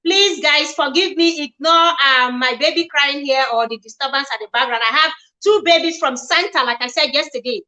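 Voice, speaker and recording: A woman's voice: high voice, moderate pace, hardly any pauses, sharp tone, low-quality recording. A woman hosting a chatty livestream, reading posts aloud, commenting on them and greeting viewers by name. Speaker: livestream host.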